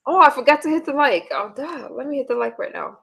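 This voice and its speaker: A woman's voice: high voice, lively intonation, fast talker, vocal fry, fairly bright tone. A woman guest on a video-call panel, speaking hesitantly and filling her sentences with "like". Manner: hesitant, filler-heavy, lots of "like". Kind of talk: casual chat.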